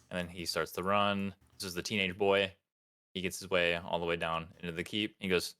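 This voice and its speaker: A man's voice: deep voice, little pitch movement, fairly quick, sharp tone, clear, resonant tone. A man narrating as game master in a tabletop game, rambling with many fillers.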